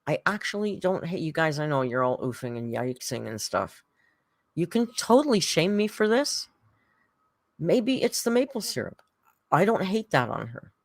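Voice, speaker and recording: A woman with a low voice, recorded close and dry, hosts a relaxed reaction stream. She talks in a wry, offhand way, swears casually and stops to read viewer messages aloud. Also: normal speed, no echo. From Canada. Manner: wry, swearing, reads super chats aloud.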